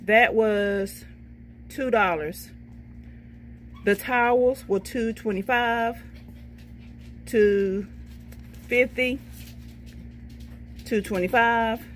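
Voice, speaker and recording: A middle-aged woman reads each item's price off her receipt while chatting through a shopping haul vlog, folksy and talkative, saying "okay, baby" to herself. Her voice is on the high side, with drawn-out words, long pauses and slight background noise.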